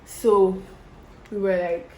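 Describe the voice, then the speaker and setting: A woman's voice: mid-range voice, takes it slowly, a little hiss or hum. A young Nigerian woman with a Nigerian accent, chatting to viewers and telling a story while doing her make-up. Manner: chatty, animated, addresses viewers directly. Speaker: vlogger.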